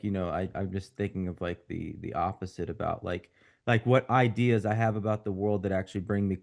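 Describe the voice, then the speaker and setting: A man in a casual group video call, rambling and halting, filling his talk with "like". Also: low-pitched, a little mellow. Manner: rambling, halting, full of "like" fillers. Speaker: seminar participant.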